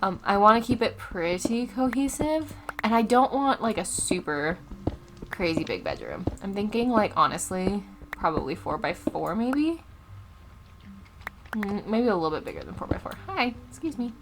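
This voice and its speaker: Woman, young adult, Let's Play host, casual commentary, chatty, animated pitch, faint background noise. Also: moderate pace. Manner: chatty, easily distracted, loud startled outbursts.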